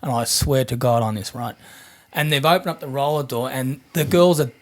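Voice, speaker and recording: Australian man, middle-aged, podcast host, rambling, swears casually, mid-pitched voice. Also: moderate pace. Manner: rambling storyteller, swears freely. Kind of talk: casual interview chat.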